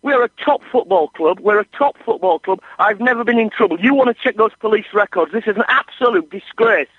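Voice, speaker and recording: A man, the target of a prank phone call, talking in an indignant, excitable way and swearing now and then. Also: high voice, brisk, breathy edge, dry recording. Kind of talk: phone conversation. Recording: tinny phone line.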